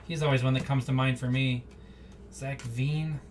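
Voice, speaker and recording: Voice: mid-range voice, fairly even intonation, moderate pace. Rambling live card-break host, a bit off-mic. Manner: rambling, off-the-cuff, chatty asides. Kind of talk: casual live-stream chatter while opening packs. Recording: slightly distant mic, faint background hum.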